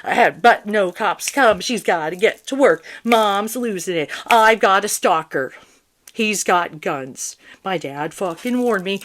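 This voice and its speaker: A woman's voice: medium pitch, animated, measured pace, fairly bright tone. Middle-aged woman, psychic vlogger; agitated, profane, repetitive rant to camera, mid-range voice. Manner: agitated, swearing, repetitive ranting. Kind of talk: emotional monologue to viewers.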